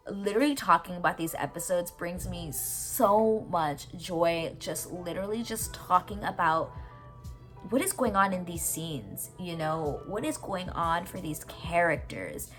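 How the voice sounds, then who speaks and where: A woman's voice: lowish voice, a bit bright. A woman hosting a podcast, casually recapping a TV episode, gushing and teary as she retells its scenes. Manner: emotional, gushing, retells scenes with quoted lines.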